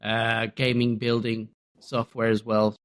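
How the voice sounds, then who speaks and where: A man in his thirties talks casually as a podcast co-host, pausing often on fillers as he gathers his words. His voice sits at a mid pitch. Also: monotone, clear, resonant tone. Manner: hesitant, full of "uh" fillers. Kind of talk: casual chat.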